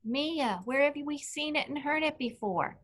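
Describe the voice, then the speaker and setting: Woman teacher, patient online reading lesson, slow and bright, slightly high voice. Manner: patient, clear, asks children questions by name.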